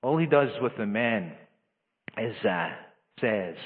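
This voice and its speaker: A man preaching a sermon in an earnest way, his voice rising higher and louder for emphasis, with frequent restarts. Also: moderate pace. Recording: echoey hall over a tinny lo-fi line.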